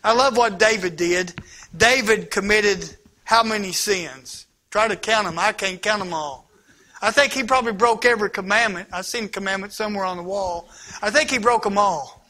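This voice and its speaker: A man delivers an impassioned sermon in a very high, bright voice. He swings from urgent, rising lines to hushed, almost whispered passages. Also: normal speed. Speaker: pastor.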